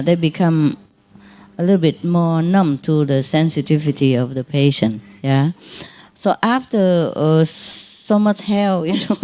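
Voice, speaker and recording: Warm, low-voiced woman teaching gently. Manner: gentle, consoling, chuckles often, non-native English. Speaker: spiritual teacher. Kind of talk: informal spiritual talk to followers.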